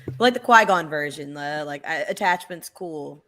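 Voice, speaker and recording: A woman's voice: low voice, expressive, normal speed, fairly bright tone. A woman on a podcast panel, joking in a laid-back casual chat.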